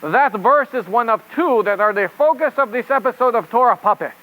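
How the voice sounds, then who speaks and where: Brief: a rabbit reporter puppet for kids, squeaky and lively, hammy fake French accent. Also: male voice, brisk, heavily acted, low-quality recording. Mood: cheery. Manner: silly put-on French accent. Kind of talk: children's puppet show.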